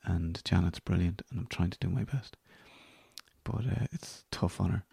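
A man's voice: low voice, moderate pace, creaky, warm tone, breathy edge, dry recording. An Irish man hosting a podcast, signing off in a rambling, self-deprecating way that trails off into near-whispers. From Ireland. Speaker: podcast host. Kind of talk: casual solo podcast sign-off.

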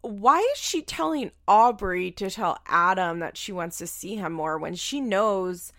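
A woman's voice: mid-range voice, expressive, a little slow, a bit bright, dry recording, studio quality. A woman recapping a reality show in casual, incredulous commentary, swearing freely.

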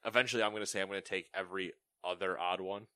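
A man's voice: deep voice, steady tone, very fast, pushed and bright, no room sound, studio quality. A man co-hosting a casual gaming news podcast, joking and laughing often as he reads stories. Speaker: co-host reading gaming news.

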